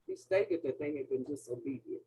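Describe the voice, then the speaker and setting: A woman's voice: very deep voice, a little fast, mellow, far from the mic, low-quality recording. A woman in a church Bible study discussion, explaining in an earnest, matter-of-fact way.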